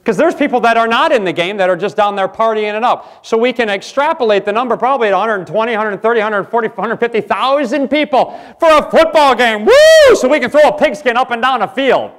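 A pastor preaching a sermon in a church, jumping from loud outbursts to quiet asides. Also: male voice, extremely high pitch, fast talker, hardly any pauses. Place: church sanctuary.

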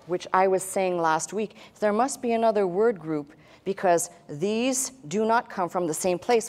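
Using a pen on a tablet to illustrate her points, a medium-pitched woman pastor teaches a sermon. Her tone is conversational, sprinkled with asides and dry humor.

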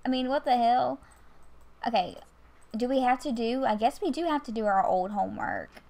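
A woman's voice: fairly high pitch, moderate pace, warm tone. A woman, chatting casually while playing a life-sim game into a desk mic, scolding the characters with exasperated asides. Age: 20s. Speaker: gaming YouTuber. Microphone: USB desk mic.

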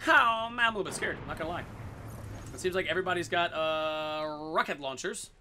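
A man giving goofy, excitable commentary over his own gameplay, swearing in silly made-up phrases. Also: on the high side, brisk, a little hiss or hum.

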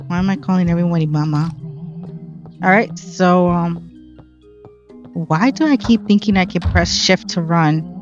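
A woman's voice: lowish voice, measured pace, pauses often. Woman gamer, chatty let's-play narration, dull lo-fi mic, faint game music behind. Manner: chatty, self-mocking, reacts aloud to the game. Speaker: gameplay streamer. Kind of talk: casual let's-play commentary.

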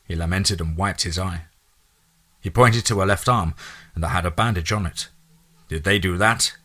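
A man's voice: sits low, moderate pace, bright, forceful tone. A man narrating a first-person horror story in a plain, folksy storytelling manner.

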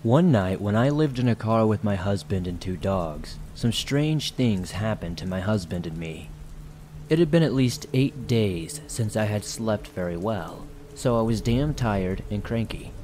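A man narrating a horror story in a steady, measured way. His voice sits low. Faint rain can be heard behind him. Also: a little hiss or hum, rough recording.

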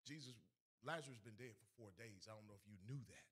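A man preaching a sermon to a congregation, swinging between shouted, sing-song lines and hushed storytelling. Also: lowish voice, quick pace, husky. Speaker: evangelist. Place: in front of a congregation.

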